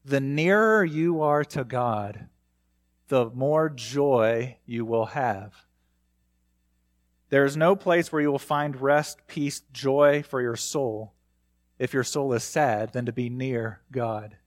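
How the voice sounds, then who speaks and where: A man's voice: medium pitch, slow, dry recording, studio quality. A young man preaching a sermon, earnest, often putting direct questions to his listeners. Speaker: pastor.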